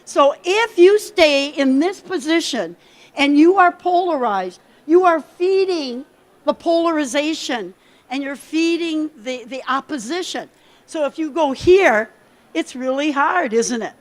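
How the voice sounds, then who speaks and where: A woman giving a lively conference workshop talk, coaching the audience directly from the stage. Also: high-pitched, measured pace. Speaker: keynote speaker.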